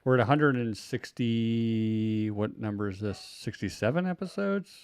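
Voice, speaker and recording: Male podcast host, 30s, low voice, dry close sound, rambling and self-interrupting. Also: animated, measured pace, darkish tone, smooth, no echo. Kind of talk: casual chat. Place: home room.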